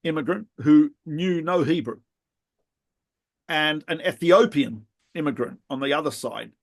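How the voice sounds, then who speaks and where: A middle-aged man, a rabbi co-hosting a podcast, telling animated anecdotes with laughs and restarts in casual chat. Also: on the high side, unhurried, gravelly.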